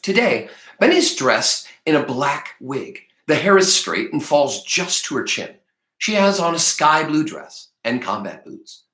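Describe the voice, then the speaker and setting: Male teacher reading a class novel aloud, lively pitch, echoey room. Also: a little slow. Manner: expressive reading with musing asides.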